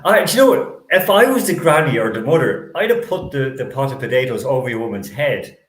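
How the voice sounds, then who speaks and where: A man hosts a casual sports panel, lively and opinionated with ready laughs. His voice sits mid-range and rings in an echoey room. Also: medium pitch, a little fast. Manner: animated and opinionated, laughs often. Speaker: sports talk show host.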